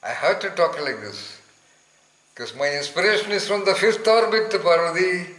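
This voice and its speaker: A man with a somewhat high voice gives an informal spiritual talk, speaking emphatically and rambling as he searches aloud for words. The room around him is echoey. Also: animated, normal speed, fairly bright tone.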